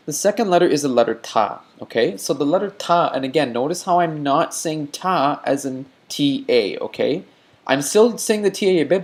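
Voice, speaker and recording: A man's voice: medium pitch, darkish tone. A man teaching an online lecture on letter sounds, patient and repetitive, stopping often to check in with "okay?".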